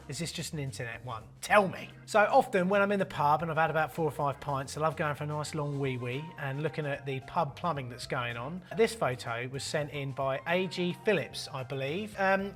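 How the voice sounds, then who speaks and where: A man's voice: on the high side, a bit bright. A man hosting a plumbing channel, talking through photos in a cheeky, joking way with crude banter. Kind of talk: casual jokey commentary. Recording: faint background music.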